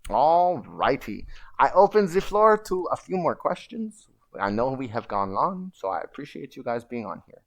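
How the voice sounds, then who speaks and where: A man hosting a casual livestream, rambling and animated as he tells stories and answers viewer questions. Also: mid-range voice, normal speed. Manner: rambling and animated, chanting and shouting at times. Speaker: livestream host.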